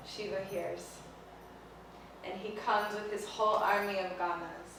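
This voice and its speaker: Standing outdoors by a temple, a woman who teaches spirituality and leads pilgrimages tells an ancient myth as a lively, casual lecture, leaning heavily on "like." She speaks unhurriedly in a mid-range voice, distant from the microphone. Her words ring through a strongly echoing space over faint ambience and slight background noise.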